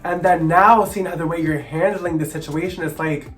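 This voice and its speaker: A young man telling a painful personal story to camera in an earnest, halting way with many pauses and restarts. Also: on the high side, fairly even intonation, a bit bright. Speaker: vlogger.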